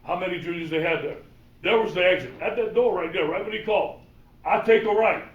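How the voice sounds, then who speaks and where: Cajun coach, male, high voice, animated storyteller acting out quotes, in an echoey room heard from across it. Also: brisk, muffled recording. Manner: animated, acts out quoted dialogue. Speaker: football coach giving a presentation. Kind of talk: motivational storytelling talk. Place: presentation room. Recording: roomy hall, mic from far off.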